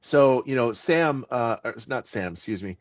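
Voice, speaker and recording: A man speaking as the guest author in an interview, with an expressive delivery that stresses words and often restarts his sentences. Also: medium pitch, moderate pace, no echo. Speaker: guest author and audiobook narrator. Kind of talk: conversational interview answers.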